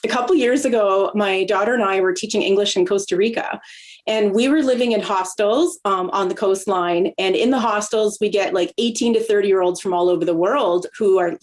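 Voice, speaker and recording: A middle-aged woman from Canada hosting a podcast, telling stories chattily and laughing often. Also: mid-range voice. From Southern Alberta, Canada. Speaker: podcast host. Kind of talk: casual conversation.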